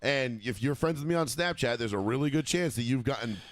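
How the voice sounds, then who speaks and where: A man co-hosting a podcast, telling crude, drawn-out comic stories in casual chat. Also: medium pitch, no room sound. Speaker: podcast co-host.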